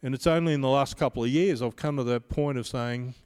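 A pastor in his fifties preaching a sermon in a measured way, mixing scripture with personal stories. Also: medium pitch, a little mellow, clean tone. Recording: long reverb of a large hall.

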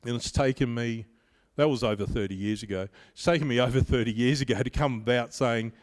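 A pastor in his fifties preaching a sermon in a measured way, mixing scripture with personal stories. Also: mid-range voice. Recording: long reverb of a large hall.

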